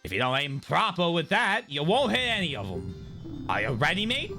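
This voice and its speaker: Here is a brash, breezy shooting gallery keeper with an exaggerated British accent, as a man puts him on. He talks high, clipped and lively, and calls everyone mate. Game music plays clearly behind him. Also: moderate pace. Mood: boastful. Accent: put-on British.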